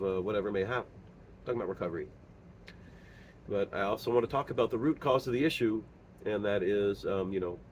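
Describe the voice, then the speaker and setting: Halting, earnest middle-aged man. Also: fairly low pitch, slight background noise. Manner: halting, earnest, many pauses and fillers. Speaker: father sharing his story. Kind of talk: personal monologue.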